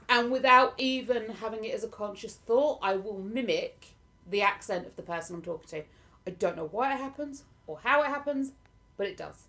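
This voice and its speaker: A woman from southern England with a southern English accent tinged with Lincolnshire, a livestream host chatting casually with viewers, self-deprecating and laughing often. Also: on the high side. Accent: southern English, partly Lincolnshire. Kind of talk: casual live chat answering viewer comments.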